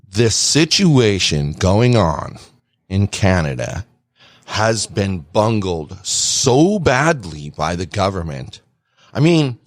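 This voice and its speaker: A man's voice: sits low, very animated, takes it slowly, no echo, studio quality. A man co-hosting a podcast, ranting in a heated, sarcastic way. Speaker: podcast co-host. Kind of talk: opinionated political rant.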